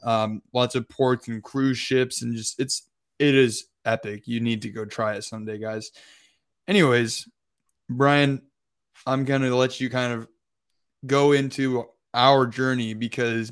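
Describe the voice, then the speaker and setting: A young male podcast co-host recounting a trip in a casual, meandering way, full of filler words. His voice sits at an ordinary middle pitch. He comes across as chatty and loose rather than polished. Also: steady tone, measured pace, clean tone. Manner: rambling, heavy use of filler words. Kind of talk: casual storytelling.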